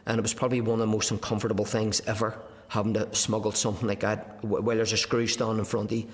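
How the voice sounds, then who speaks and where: Fast-talking man, flat. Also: on the low side. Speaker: former prisoner. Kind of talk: recollection in interview. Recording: long hall reverb.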